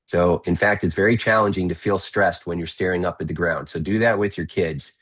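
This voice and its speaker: A man speaking as a podcast guest, giving energetic, persuasive coaching advice in a conversational way. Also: sits low, fairly quick. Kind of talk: podcast interview talk.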